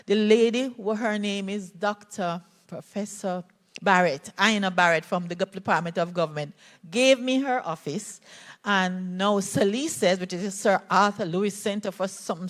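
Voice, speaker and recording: An older Jamaican woman, a play therapist, telling a personal story in an animated way at a conference talk. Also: mid-range voice. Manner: animated storytelling, voices quoted speakers. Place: conference hall.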